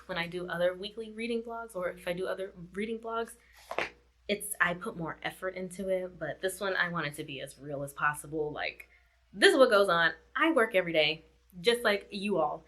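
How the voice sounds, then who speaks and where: A woman chatting casually about a book she just read, circling back to the same points and laughing as she goes. Her voice sits on the low side for a woman, yet it sounds bright and forceful. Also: brisk. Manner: chatty, repeats herself, laughs often. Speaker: book vlogger. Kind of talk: casual book review chat.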